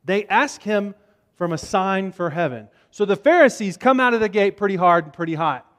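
High-voiced man preaching casually. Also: expressive, moderate pace, fairly bright tone. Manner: casual, repeats words and restarts. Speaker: pastor. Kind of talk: conversational sermon.

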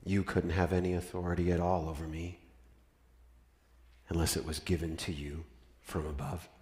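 A man voicing Jesus, quiet and grave. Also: little pitch movement, close to an everyday voice. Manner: quiet, low and measured. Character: calm, grave male prisoner Jesus.

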